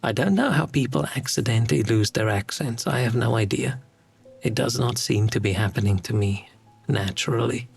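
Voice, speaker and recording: South African streamer, Afrikaans first language, husky, easygoing and musing. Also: male voice, medium pitch, moderate pace, faint music behind. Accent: South African English. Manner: rambling, musing aloud. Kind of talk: casual game-stream chat.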